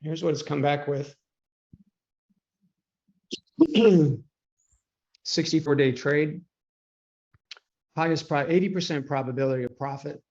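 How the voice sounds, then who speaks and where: Higher-voiced male trading coach on a lo-fi call. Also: slow, pauses often, darkish tone. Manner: chatty, clears throat often. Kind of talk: live online coaching call. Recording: dull lo-fi call audio.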